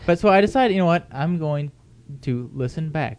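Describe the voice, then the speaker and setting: A man's voice: a little high, lively intonation, normal speed, darkish tone, clean tone, no echo. A middle-aged man hosting a casual home podcast, rambling and joking at his own expense. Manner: rambling, self-mocking and jokey. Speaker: podcast host.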